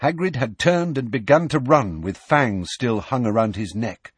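A man narrating an audiobook in a measured, expressive scripted reading. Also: medium pitch, husky, no room sound.

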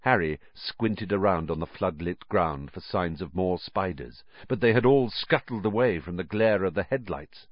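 A man reading a story aloud as narrator, with expressive storytelling. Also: deep voice, normal speed, hardly any pauses, no echo, highs cut off. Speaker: audiobook narrator. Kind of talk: scripted narration.

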